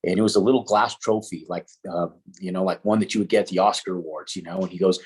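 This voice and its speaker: Husky-voiced man telling a story. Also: deep voice, fast, hardly any pauses. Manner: swears casually, animated with quoted dialogue. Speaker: interview guest, entrepreneur. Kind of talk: casual storytelling.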